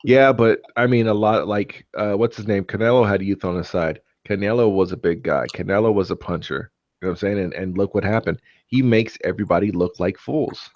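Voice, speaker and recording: A man with a lowish voice chats casually on a live stream, stumbling through fillers and restarts. The sound is dry and dull, like a home computer mic. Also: brisk, a little mellow, no echo. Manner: rambling, hesitant, lots of fillers and restarts. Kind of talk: casual chat.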